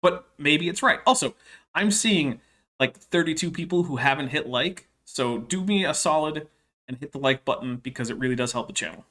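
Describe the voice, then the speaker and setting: Bright, sardonic male commentator. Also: a little high, lively intonation. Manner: dry, mocking asides with deliberate pauses. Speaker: reaction video host. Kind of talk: sarcastic reaction commentary.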